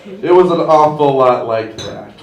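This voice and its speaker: Heard through a distant mic over a noisy background, a stand-up comedian in his twenties rambles on a pub stage, poking fun at himself and saying "like" constantly. His voice sits in the mid-range and sounds animated, though his pace stays measured as the audience laughs.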